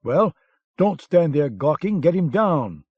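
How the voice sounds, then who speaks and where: A man's voice: on the high side, big pitch swings, slow pace, breathy edge, no echo, voice pushed up, exaggerated voice. A man voicing a sullen, hot-headed young German soldier who snarls orders, on a dull lo-fi cassette audiobook recording. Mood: snarling. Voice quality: snarling, raised voice.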